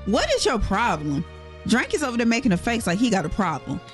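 A woman's voice: a little high, big pitch swings, fairly quick, faint music behind. Playful laughing woman radio host. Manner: laughing, reading listener letters, playful. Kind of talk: morning radio show hosting.

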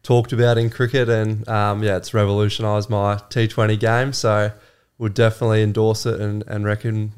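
Laid-back young man, smooth low voice. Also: flat delivery, moderate pace, darkish tone. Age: young adult. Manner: laid-back, laughing, understated. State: hungover. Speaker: guest cricketer. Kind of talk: casual chat.

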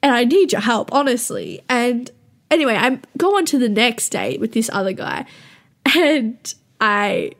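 A woman's voice: fairly high pitch, expressive, unhurried. A young woman hosting a show, telling rambling, self-mocking stories to listeners in a casual, profane way and laughing often.

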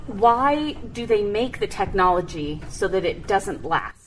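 A woman's voice: mid-range voice, expressive, unhurried, faint music behind, rough recording. A woman hosting an interview, asking chatty questions with frequent giggles. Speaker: radio host.

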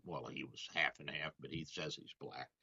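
A man's voice: very deep voice, fairly even intonation, normal speed, creaky, pushed and bright, slightly rough. A man hosting a radio show as a doctor, in casual banter, rambling and telling stories with chuckles. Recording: dull lo-fi radio audio.

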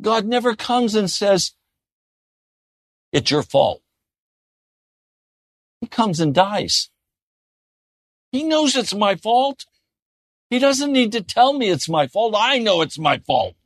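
A man preaching a sermon in an earnest way, often dropping to a soft, gentle tone. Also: high voice, sing-song, measured pace, no echo, clean studio sound. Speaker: pastor.

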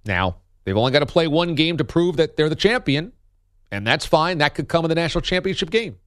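A man's voice: fairly high pitch, big pitch swings, fairly quick, fairly bright tone, dry recording, clean studio sound. A man giving opinionated sports commentary as a radio host, emphatic and argumentative, hammering points with punchy repetition.

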